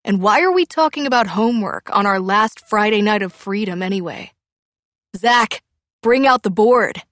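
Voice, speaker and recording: A woman's voice: medium pitch, animated, moderate pace, a bit bright, no echo, natural voice. A woman voicing a teasing teenage boy who loves a joke, speaking in a theatrical, mocking way. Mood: dismissive.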